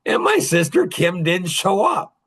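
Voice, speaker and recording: A middle-aged man hosting a podcast, telling a family story in a casual, animated way with frequent chuckles. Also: high voice, measured pace, breathy edge. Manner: animated, chuckles often between phrases. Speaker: podcast host.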